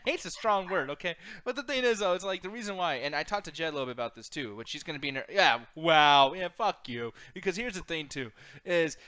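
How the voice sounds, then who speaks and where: A man hosts a loose, unscripted chat about video games, his voice pitched a little high with a bright, sharp edge. He talks excitably and rambles, swearing freely as he defends his favorites. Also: fast talker, few pauses, clear, resonant tone.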